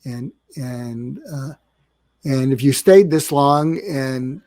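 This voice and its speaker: Slow and dark-toned, his mid-range voice comes through a dry recording. He's an older psychiatrist telling stories on a podcast, meandering, full of fillers, and acting out quoted lines.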